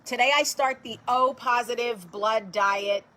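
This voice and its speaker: A woman's voice: fairly high pitch, fairly even intonation, a little slow, pushed and bright, rough recording. A woman in her forties from New Jersey, hosting a casual live-stream chat and talking straight to her viewers with blunt, profane humor. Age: 40s. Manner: talks straight to viewers and answers their comments. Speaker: host of a live video show.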